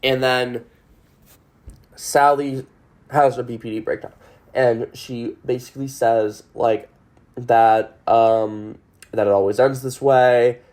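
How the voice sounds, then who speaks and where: A woman's voice: a bass voice, slow pace, long pauses. A woman hosting a podcast, rambling through an emotional, swear-filled recap. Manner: animated, emotional, swears a lot. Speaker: podcast host.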